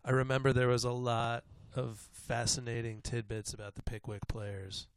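A man's voice: medium pitch, little pitch movement, normal speed, clean tone, no room sound. A man co-hosting a music radio show, easygoing and jokey, laughing often in casual banter.

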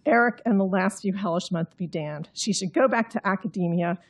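A woman's voice: mid-range voice, brisk, husky. A woman reading her own novel aloud in an understated, droll way, then explaining the story. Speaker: author.

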